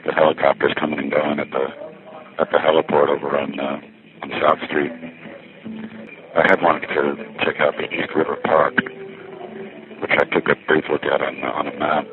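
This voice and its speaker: This New man has a very deep, flat voice and talks at normal speed with frequent pauses, sounding a little winded. Wry and chatty, he thinks aloud through a rambling first-person walkthrough as a payphone vlogger inside a busy ferry terminal. The recording is tinny and lo-fi, with faint background noise.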